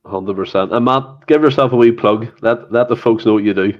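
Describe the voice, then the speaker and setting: A man hosting a casual podcast chat, chatty and animated, swearing now and then. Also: on the low side, fairly quick, muffled recording. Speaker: podcast host.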